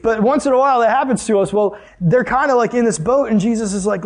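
A man preaches a casual, conversational sermon in a very high-pitched voice, talking fast with hardly any pauses. Animated, he acts out the voices of Jesus and the Pharisees and poses questions to the audience.

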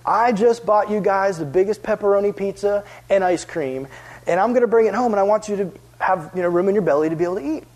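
A man voicing his mother on the phone, brisk and matter-of-fact, in a sermon story. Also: high voice, darkish tone. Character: busy, caring mother on the phone.

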